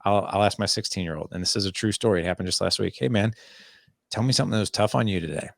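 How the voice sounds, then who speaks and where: A man with a lowish, gravelly voice, speaking as a podcast guest about parenting. He tells stories with energy, slipping into quick acted-out dialogue with his teenage son. The sound is dry and close, with no room echo. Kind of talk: conversational interview storytelling.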